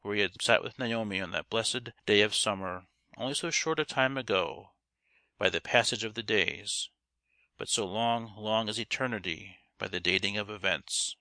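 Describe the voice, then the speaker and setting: A man reading a Victorian novel aloud in a measured, expressive way. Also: fairly low pitch, dry recording, clean studio sound. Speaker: audiobook reader. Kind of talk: scripted narration of a Victorian novel.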